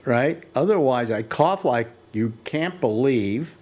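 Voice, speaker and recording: A man's voice: mid-range voice, expressive, takes it slowly, a little mellow. An older man hosting a casual talk show, rambling through stories with many restarts. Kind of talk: casual chat.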